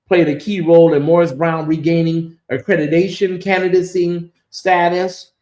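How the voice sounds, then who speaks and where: A man hosting a gossip show in casual commentary, sassy and chatty, calling his viewers y'all and honey. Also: on the high side. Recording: echoey room.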